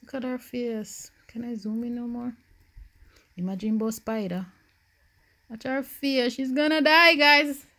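A young woman from Jamaica with a Jamaican accent, giving casual commentary while playing a life-simulation game, swinging from hushed worry to loud excitement. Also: fairly high pitch, unhurried, pauses often. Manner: animated, swings from quiet worry to loud joy. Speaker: gaming YouTuber. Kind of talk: Sims let's-play commentary.

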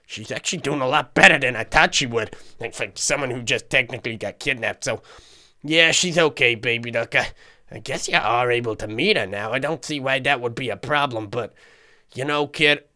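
A man voicing a calm adult male bodyguard in a block-game role-play, reassuring and hesitant, often repeating words. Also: medium pitch, moderate pace.

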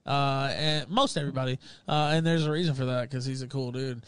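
A man's voice: mid-range voice, fairly even intonation, a little fast, a bit bright, smooth, no room sound. A man hosting a livestream show, ranting angrily with heavy swearing and insults. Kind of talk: profane ranting talk.

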